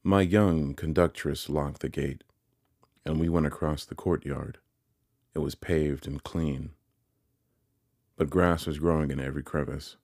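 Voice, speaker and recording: A man narrating a classic novel as an audiobook, in a measured storytelling way. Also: a bass voice, steady tone, a little mellow, no room sound, studio quality.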